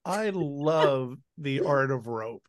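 A man hosting a casual interview, talking in a slow, drawn-out, effusive way. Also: medium pitch, animated, no room sound. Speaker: host.

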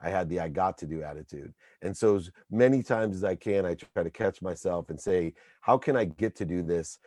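A man's voice: deep voice, normal speed, mellow, dry recording. A man in his forties, a guest, giving emphatic motivational talk in punchy lists.

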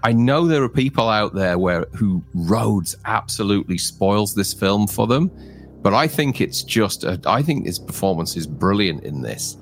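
A man's voice: fairly low pitch, big pitch swings, moderate pace, faint music behind. A man co-hosting a casual film discussion, enthusiastic and full of fillers. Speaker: co-host.

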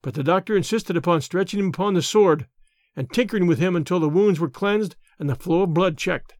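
A man narrating an audiobook adventure in a steady, clear storytelling delivery. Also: sits high, brisk, dry recording, studio quality. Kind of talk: scripted narration.

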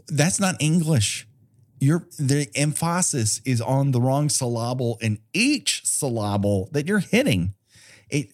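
A man's voice: medium pitch, darkish tone. A man co-hosting a podcast, chatting casually about a movie with sarcastic, profane jokes and mocking put-on quotes. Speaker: podcast co-host. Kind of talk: casual movie-review chat.

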